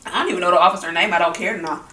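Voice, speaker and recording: A woman's voice: lowish voice, very fast, pushed and bright, recorded from a distance. Heated, profane woman vlogger, echoey room. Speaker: mukbang vlogger. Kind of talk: angry opinion talk while eating.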